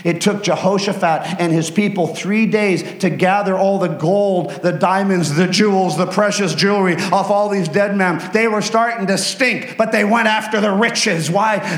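A man preaching a dramatic sermon, acting out the voices of people in the story and swinging from excited shouts to hushed tones. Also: sits high, normal speed, hardly any pauses, echoey room. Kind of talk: animated sermon with acted-out voices.

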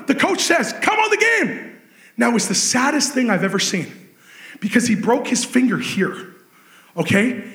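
A man preaching a sermon, telling a story with animated swings between excited shouting and hushed intensity. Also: extremely high pitch, creaky, roomy sound.

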